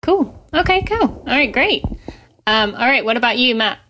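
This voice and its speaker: A woman with a British accent hosting a podcast interview, chatty and quick to laugh, often correcting herself mid-sentence. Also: a little high, animated, sharp tone, slight background noise. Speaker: podcast host. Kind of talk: casual interview chat.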